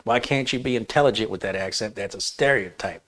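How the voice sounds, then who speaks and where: A man's voice: lowish voice, brisk, fairly bright tone, lightly acted. A man voicing a stern man who lectures and scolds another man. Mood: scolding.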